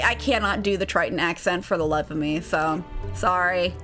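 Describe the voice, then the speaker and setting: A woman's voice: on the low side, normal speed, a bit bright. A young woman streaming a game, chatting and giggling as she reads the characters' lines aloud, with game music faint behind her. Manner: bubbly, giggly, voices the characters. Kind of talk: live game stream commentary and reading dialogue aloud.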